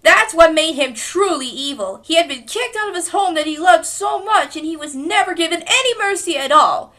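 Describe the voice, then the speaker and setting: A woman's voice: very high voice, animated, normal speed, sharp tone, voice pushed up, exaggerated voice. A woman voicing a boy testifying in a courtroom story, earnest and pleading in tone.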